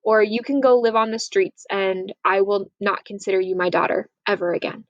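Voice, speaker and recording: A woman's voice: medium pitch, fairly even intonation, normal speed, no room sound, dull audio, natural voice. A woman voicing a stern, angry father in a casual retelling, close to her own voice.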